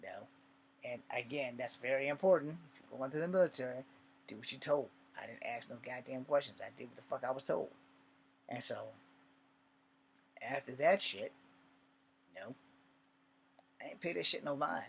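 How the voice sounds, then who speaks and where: A man's voice: medium pitch, normal speed, gravelly, pauses often, fairly bright tone, slightly rough. A man casually telling an army story in a loose, profane, laid-back way.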